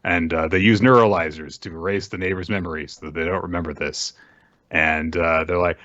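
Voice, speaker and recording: A man's voice: low voice, fairly even intonation, fairly quick, fairly bright tone, no echo. A man co-hosting a podcast, recapping a manga chapter casually with many fillers and restarts. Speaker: podcast co-host. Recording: dull dry lo-fi recording.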